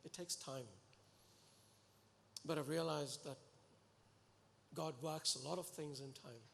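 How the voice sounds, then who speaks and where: A man preaching a sermon to a congregation, earnest and animated, pleading and exhorting his listeners. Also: on the high side, takes it slowly, creaky, a little hiss or hum. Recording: echoey hall with long reverb.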